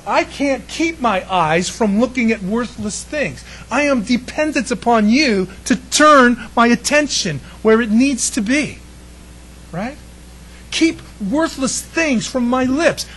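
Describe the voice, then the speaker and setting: A man preaching a sermon to a congregation, chatty and lively, throwing in jokes and questions to the room. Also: very high-pitched, a little slow, breathy edge, poor audio. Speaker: pastor.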